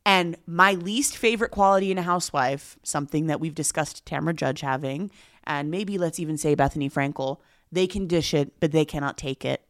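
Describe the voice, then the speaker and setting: A woman co-hosts a casual podcast, recapping reality TV in an animated, gossipy way. Her voice sits a little low. The sound is dry and close to the mic. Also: a little fast, dry recording. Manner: animated, laughs often, gossipy. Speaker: podcast co-host.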